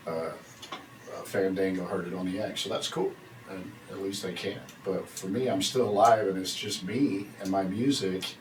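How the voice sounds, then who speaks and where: A middle-aged man, a drummer and songwriter telling the story behind a song in a chatty, rambling way. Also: sits low. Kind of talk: casual talk to camera. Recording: roomy, far from the mic, faint hiss.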